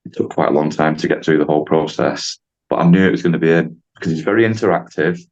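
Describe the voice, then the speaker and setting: Brief: man, low voice, chatty podcast guest, slightly muffled audio. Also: fast talker, a little mellow. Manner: chatty, rambling, acts out dialogue with voices. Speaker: driving instructor guest. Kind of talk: casual podcast storytelling.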